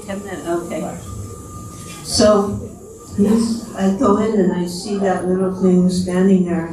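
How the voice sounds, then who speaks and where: A woman's voice: medium pitch, little pitch movement, a little slow, noisy background. An older woman giving an anecdotal devotional talk, telling her stories conversationally with small chuckles in between. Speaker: speaker at temple festival. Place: large temple hall. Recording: echoey hall, voice from far off.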